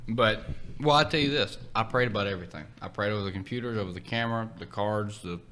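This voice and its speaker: A man, a podcast guest, chatting casually and telling animated stories. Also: lowish voice, quick pace. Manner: animated storytelling, acts out quotes. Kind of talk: casual chat.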